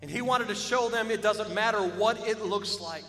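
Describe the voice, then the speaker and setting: High bright-voiced preacher man in an echoing hall. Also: moderate pace. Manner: preaching with rising shouts and call-and-response. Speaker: pastor. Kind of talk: sermon. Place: church hall. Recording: echoey hall with music behind.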